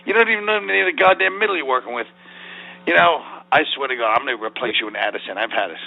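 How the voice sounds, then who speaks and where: Gravelly fast-talking man on a phone line. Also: medium pitch, animated. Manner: wry, scolding, rambling. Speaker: stand-up comedian. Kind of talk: casual phone chat.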